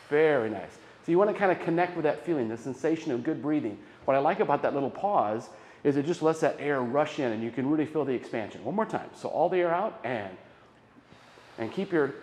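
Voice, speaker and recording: A man leading a choir's warm-up, coaching posture and breathing. He encourages the singers and counts the exercises aloud. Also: medium pitch, lively intonation, fast talker. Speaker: choir director. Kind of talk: guided vocal warm-up instruction. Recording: echoey hall with long reverb.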